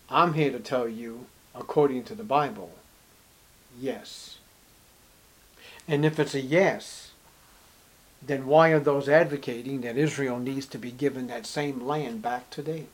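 In this expository Bible sermon, a man reads scripture aloud in King James style and presses his points with heavily emphasized rhetorical questions. His voice surges to forceful highs on the words that matter most.

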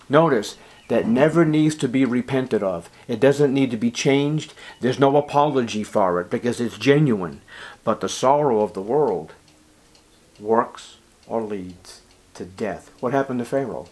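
A man preaching a sermon, acting out Bible scenes with sudden jumps in pitch and volume. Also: animated, normal speed. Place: church.

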